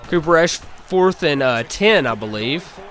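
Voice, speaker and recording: A man giving casual play-by-play commentary over his own video game, calling each play like a sportscaster with relaxed fillers in between. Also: fairly high pitch, unhurried.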